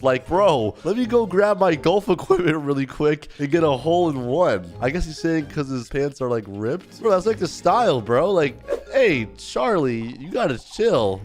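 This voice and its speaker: A young man narrates a role-play game with excitable, slangy energy. His voice sits high and swings widely in pitch. Soft background music plays beneath him. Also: normal speed, hardly any pauses. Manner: excitable, slangy, reads chat aloud in voices. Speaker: gaming video host. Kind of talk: role-play gameplay commentary.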